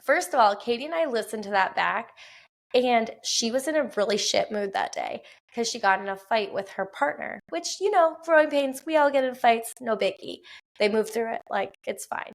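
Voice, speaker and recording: A woman in her thirties with a Wisconsin accent, hosting a casual solo podcast from a quiet home at night, chatty with lots of fillers and quick laughs. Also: fairly high pitch, animated, vocal fry. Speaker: podcast host.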